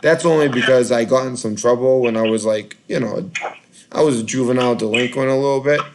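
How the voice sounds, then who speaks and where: Boston man, creaky voice, halting and rambling, call-in show chatter. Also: medium pitch, background noise. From Boston, Massachusetts. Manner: rambling, halting, heavy on fillers. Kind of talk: casual call-in chat.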